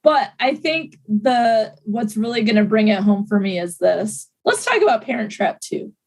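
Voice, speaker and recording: A woman's voice: fairly high pitch, expressive, normal speed, poor audio. Playful, argumentative woman podcast host. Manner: playful, argumentative, laughs often. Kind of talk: casual chat.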